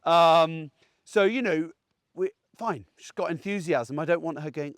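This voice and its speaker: A man's voice: fairly high pitch, fairly even intonation, normal speed, no room sound, studio quality. Chatty man giving dog-training tips. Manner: chatty, plain-spoken, keeps checking in with "okay?". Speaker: gundog trainer. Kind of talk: casual outdoor training advice. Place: outdoors in a grass field.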